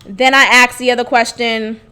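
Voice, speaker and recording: A woman's voice: a little high, little pitch movement, moderate pace, bright, forceful tone, clear, resonant tone. A young woman hosting a podcast, telling a candid story in a blunt, profane way and laughing often. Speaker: podcast host.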